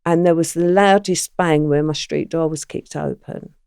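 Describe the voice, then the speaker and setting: Gravelly, lowish, older woman, vivid storytelling, dry mic. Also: normal speed, dry recording. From England. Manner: animated storyteller, acts out quoted lines. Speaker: guest. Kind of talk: recounting crime memories in a podcast interview.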